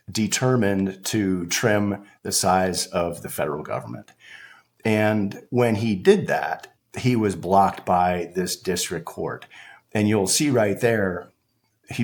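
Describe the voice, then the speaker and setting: A man hosting a casual political commentary, walking through a court filing in a conversational, explanatory way. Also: low voice. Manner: conversational and explanatory, restarts and filler phrases.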